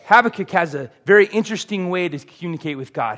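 Earnest pastor preaching, higher-pitched man. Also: expressive, quick pace, hardly any pauses, a bit bright. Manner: earnest, confessional, swells to emphatic peaks. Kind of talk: sermon.

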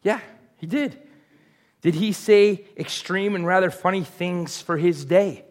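A man's voice: high-pitched, unhurried. A man preaching a sermon in a conversational, joking way, full of rhetorical questions. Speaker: pastor.

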